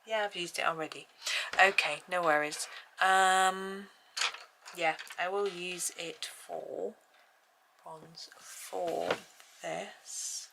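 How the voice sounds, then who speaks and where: A woman's voice: lowish voice, fairly even intonation, takes it slowly, gravelly, noisy background. A woman with an English accent, chatting casually and thinking aloud as she colours, with rambling asides. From England. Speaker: colouring channel host. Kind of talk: casual chat while colouring.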